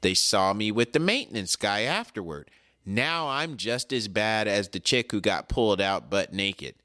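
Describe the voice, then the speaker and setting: Man spinning a story, very lively pitch, smooth clear voice, slangy, acts out the people in it. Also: a little slow. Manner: animated, acts out the people in his stories; casual and slangy, with frequent "like". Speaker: podcast co-host. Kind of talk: casual storytelling.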